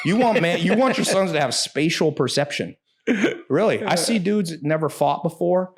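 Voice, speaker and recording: A man's voice: fairly high pitch, animated, normal speed. A man in casual podcast talk, telling brash, profane stories with sudden bursts of emphasis.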